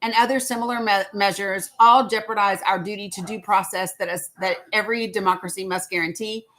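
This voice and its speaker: Woman, casual live-stream host, crisp bright tone, talks to viewers. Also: mid-range voice, fairly even intonation, brisk, poor audio. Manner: chatty, addresses viewers as y'all, reads statements aloud. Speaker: show host.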